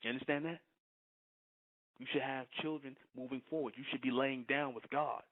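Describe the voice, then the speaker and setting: A man's voice: mid-range voice, fairly even intonation, moderate pace. Man, preacher, repetitive, checks "you understand?", tinny phone-quality audio. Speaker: spiritual teacher. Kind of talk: preaching to followers.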